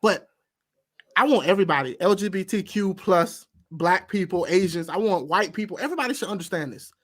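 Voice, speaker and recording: A man's voice: sits high, animated, a little fast. A man hosting a panel debate, talking in an earnest, impassioned way and often repeating words as he starts a thought. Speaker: show host.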